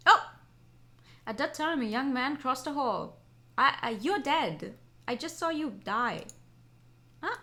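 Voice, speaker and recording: A woman on a gaming stream, reading a visual novel aloud with excitable, giggly reactions. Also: high voice, measured pace, long pauses. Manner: excitable, giggly, swears casually.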